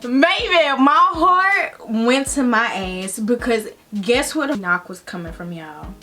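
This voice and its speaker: A woman's voice: high-pitched, lively intonation, measured pace, pushed and bright. A young adult woman telling a dramatic storytime on her vlog in casual, slangy talk, often addressing viewers directly. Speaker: vlogger.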